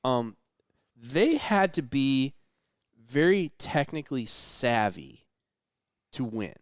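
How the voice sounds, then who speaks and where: Lively-pitched man musing casually. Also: slow, smooth, dry recording, clean studio sound. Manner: reflective, hedging with fillers. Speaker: podcast guest. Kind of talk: late-night casual chat. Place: indoors in a rental house.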